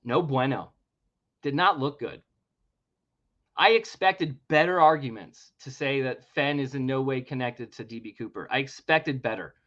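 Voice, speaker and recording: A man's voice: mid-range voice, moderate pace, a bit bright, muffled recording. A man hosting a podcast, ranting emphatically and swearing freely. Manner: heated, emphatic, swears freely, laughs in disbelief. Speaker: podcast host. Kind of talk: opinionated podcast rant.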